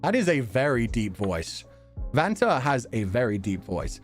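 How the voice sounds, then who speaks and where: Chatty male streamer with a lively voice. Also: medium pitch, measured pace, soft background music. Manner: chatty, laughs often, reacts to chat and videos. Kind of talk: casual stream chat.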